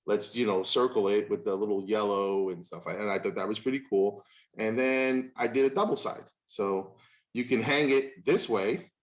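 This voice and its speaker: A man in his fifties, a podcast host, telling stories in casual chat and acting out the voices of people he quotes. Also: normal speed. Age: 50s. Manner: animated, acts out quoted voices with big pitch jumps.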